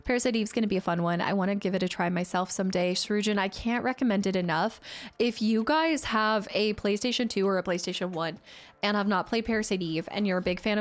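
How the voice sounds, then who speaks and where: A young woman streamer chatting casually with her viewers, reading comments and laughing often. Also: medium pitch. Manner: chatty, laughs often, answers chat by name. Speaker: game streamer.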